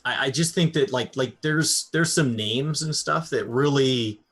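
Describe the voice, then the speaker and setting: A man's voice: medium pitch, measured pace, a bit bright, breathy edge. A man from North America co-hosting a gaming podcast, chatting thoughtfully with hesitant repeats. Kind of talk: casual gaming podcast chat.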